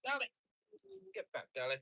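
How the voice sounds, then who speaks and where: A man hosting a farm livestream chats casually while doing chores outdoors, joking, rambling and swearing. He talks at a moderate pace, the audio has no echo, and the highs are cut off.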